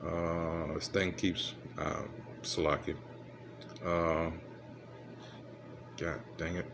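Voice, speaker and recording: A man casually reading news articles aloud and commenting, halting and muttering asides as he fumbles with his device. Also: sits low, flat delivery, background noise.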